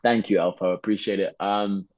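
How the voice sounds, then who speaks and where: An English actor speaking in a put-on American accent, answering interview questions in a relaxed, rambling way with lots of fillers. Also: male voice, low voice, moderate pace, no room sound, dull audio. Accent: American (put on, Detroit-leaning). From England.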